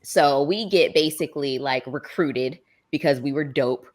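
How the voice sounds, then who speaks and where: A woman in her thirties with a low, full voice tells stories in casual podcast chat. She is animated and jumps up into a higher voice whenever she quotes someone. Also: normal speed. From Maryland, USA. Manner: animated storyteller, acts out quoted lines in a higher voice. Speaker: podcast guest.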